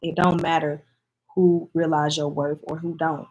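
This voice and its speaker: A woman's voice: sits low, level tone, a little slow, a little mellow, slight background noise. Emphatic, heartfelt woman vlogger. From Michigan. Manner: emphatic, heartfelt, talks straight to viewers. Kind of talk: casual to-camera chat.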